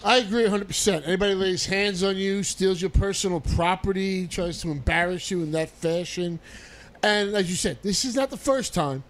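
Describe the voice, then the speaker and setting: High-voiced man giving firm sports opinions. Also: moderate pace. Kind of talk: casual sports talk.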